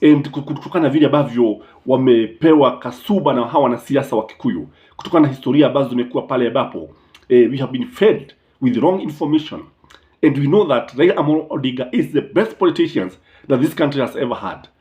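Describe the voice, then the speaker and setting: A man's voice: mid-range voice, fast, muffled recording. A man with a Kenyan accent delivering opinionated political commentary as a channel host, mixing English and Swahili with emphatic phrasing and frequent hesitant fillers.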